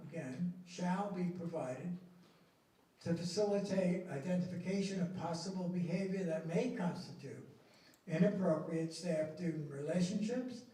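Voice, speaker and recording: Deliberate man in an echoey meeting room. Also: fairly high pitch, dark tone, distant mic. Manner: deliberate, emphatic, stresses key words. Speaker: school board official presenting policy. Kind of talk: formal meeting presentation.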